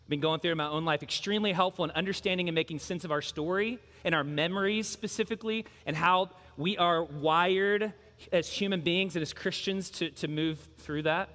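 A man's voice: high voice, a little fast, a bit bright, long reverb tail. A man preaching a sermon as pastor, earnest and emphatic, driving points home with repeated phrases.

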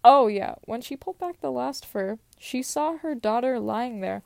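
Young woman, casual storyteller, fairly high voice, dry close sound, slips and cusses in asides. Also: animated, normal speed, creaky, a little mellow, no room sound. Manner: stumbles and laughs at own slips, swears in asides. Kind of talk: casual reading of old stories aloud.

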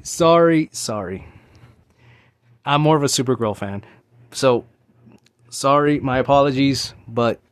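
A man's voice: a little high, dry recording, studio quality. A man in his thirties hosting a casual solo talk show, rambling and ranting, with many restarts and fillers. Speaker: podcast host.

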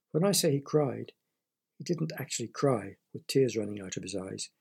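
A man's voice: medium pitch, normal speed, gravelly, darkish tone, soft background music. A man reading a children's story aloud, with playful asides to the listener.

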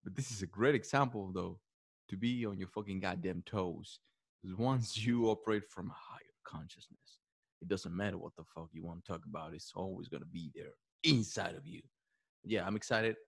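A man's voice: deep voice, normal speed, creaky, slightly rough, no echo. A man from Mexico, a guest image consultant, chatting casually, swearing and laughing as he talks. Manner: profane, joking, laughs often. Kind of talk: casual interview chat.

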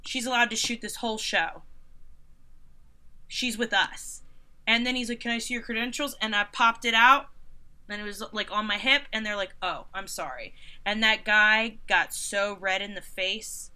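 A woman in her thirties, a concert photographer, telling stories in a casual interview with animated sarcasm and mocking quoted voices. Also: fairly high pitch, moderate pace, clean tone. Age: 30s.

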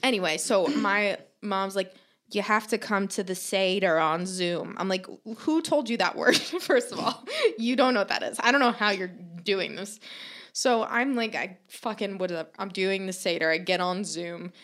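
Speaking at a moderate pace with a medium-pitched, fairly bright voice, this young woman chats on a podcast. She spins a funny story full of swearing, acted-out quotes and plenty of laughter.

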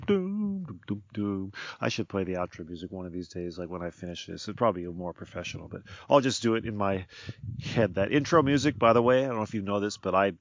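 A man's voice: on the low side, vocal fry, no room sound, muffled recording. A middle-aged man, a former teacher, hosting his podcast in a candid, rambling, jokey monologue outdoors on a hillside.

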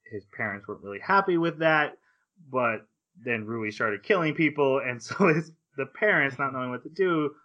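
Man, podcast host, casual anime chat, animated retelling, bright tone, muffled lo-fi sound. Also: medium pitch. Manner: animated retelling, acts out characters' lines.

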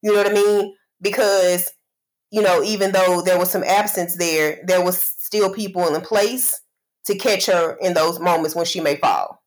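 A woman's voice: on the low side, fairly even intonation, normal speed, rough recording. A woman co-hosting a casual podcast, talking reflectively in long winding sentences full of "you know". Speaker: podcast co-host.

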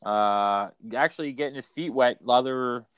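Here a male co-host on a laid-back podcast wanders off topic, curses freely, and keeps starting over. He speaks at normal speed in a medium pitch, and the tone is clean with no room sound.

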